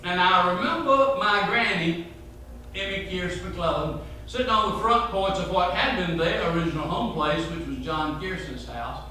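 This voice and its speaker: A man with a Georgia drawl tells rambling, humorous family stories to a local history meeting. His voice sits high and bright, and it rings through a very echoey room. He is picked up from a distance, with a faint hiss underneath. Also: moderate pace. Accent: Southern US, Georgia. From north Georgia, USA. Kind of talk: folksy talk to a local history group. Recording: very echoey room, mic far off.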